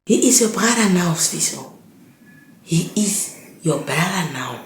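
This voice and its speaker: A woman putting on the voice of a calm mother who soothes and reassures her son in a comedy skit. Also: on the low side, a little slow. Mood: firm. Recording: echoey room with faint noise.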